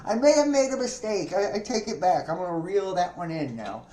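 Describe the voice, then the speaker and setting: A nervous, frightened woman, as a man mimics her in a squeaky, pushed-up voice, scrambling to walk back her own words. The sound carries a roomy echo. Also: animated, fairly quick, dark tone. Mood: scared. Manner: nervous, backpedaling. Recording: echoey room.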